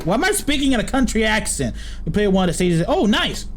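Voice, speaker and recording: Streamer, male, high voice, offhand casual gameplay commentary. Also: sing-song, fast talker, fairly bright tone, slight background noise. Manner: offhand, chatty asides. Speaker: game streamer.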